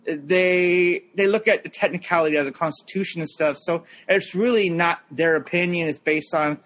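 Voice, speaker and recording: A man's voice: a little high, moderate pace, fairly bright tone. A man in his thirties chatting casually on a podcast, rambling with lots of fillers and mimicking people as he tells stories.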